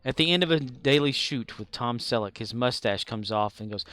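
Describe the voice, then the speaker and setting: A man's voice: mid-range voice, normal speed, fairly bright tone, clear, resonant tone, dry recording. A man streaming a game, chatting casually with viewers in a rambling way and chuckling often. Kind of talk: casual live-stream chat.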